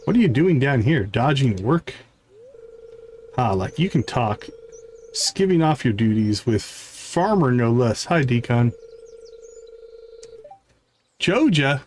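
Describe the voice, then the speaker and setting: A man streaming a farming game, reading its character dialogue aloud with varied voices and adding quick asides. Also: mid-range voice, expressive, a little mellow, slight background noise.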